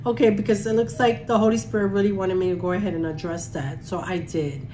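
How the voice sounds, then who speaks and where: A middle-aged woman ministering as a prophetic counselor, praying, declaring and commanding, swinging from soft murmurs to loud emphatic bursts. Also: medium pitch, fairly even intonation, fast, slight background noise. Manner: speaks in tongues, commands and declares.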